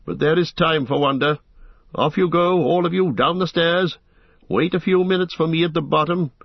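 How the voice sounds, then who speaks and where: Man voicing an urgent old wizard for an audiobook, husky and raised, muffled lo-fi sound. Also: a little high, moderate pace, dry recording, voice pushed up. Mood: commanding. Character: commanding old male wizard, urgent and fierce.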